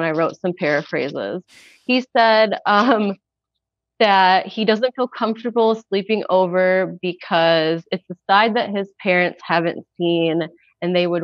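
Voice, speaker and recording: A woman's voice: on the low side, no echo, dull audio. A woman calling in for dating advice, telling her story casually and acting out her own past remarks. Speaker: caller seeking dating advice. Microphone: phone call.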